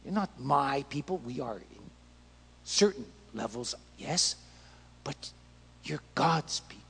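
Raspy preacher in a reverberant hall. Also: male voice, medium pitch, expressive, slow pace, a bit bright. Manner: impassioned preaching, acts out prayers and dialogue. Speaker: pastor. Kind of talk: sermon.

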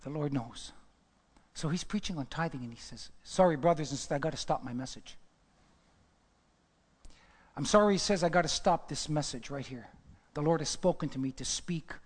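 A man preaching a sermon and telling a story, swinging between loud exclamations and hushed whispers. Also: fairly high pitch, moderate pace, husky. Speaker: pastor. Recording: long hall reverb.

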